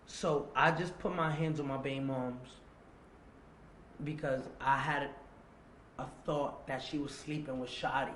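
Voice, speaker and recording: A man's voice: mid-range voice, steady tone, measured pace, pauses often, a bit bright. A man, a guest on an interview show, telling a personal story in emotional confessional style. He acts out quoted dialogue and repeats words as he talks. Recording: echoey room with faint noise.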